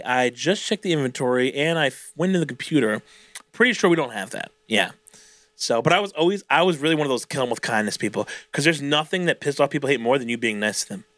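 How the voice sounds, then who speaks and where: A man's voice: mid-range voice, no echo. A young man co-hosting a podcast, telling retail stories in a casual, swearing style and acting out customers. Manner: animated storytelling, swears a lot, acts out customers. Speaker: podcast co-host. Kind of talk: casual chat.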